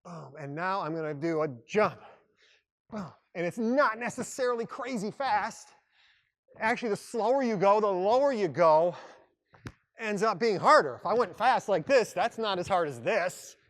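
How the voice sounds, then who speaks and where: Upbeat, joking fitness instructor. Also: male voice, high voice, lively intonation, normal speed, fairly bright tone. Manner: upbeat, joking, breaks off mid-sentence. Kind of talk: coaching a workout class. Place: exercise room.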